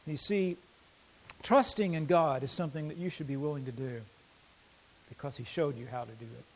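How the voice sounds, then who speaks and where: Male pastor, fairly high voice, sermon delivery with dynamic swings between loud and hushed. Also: rough recording. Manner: dynamic, swings from loud emphasis to quiet intensity; reads scripture aloud slowly.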